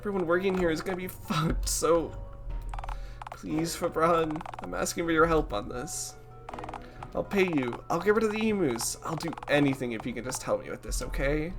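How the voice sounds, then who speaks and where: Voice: mid-range voice, normal speed, over music, close to an everyday voice. A streamer playing a pleading scattered boss. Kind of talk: playful reading of a game aloud.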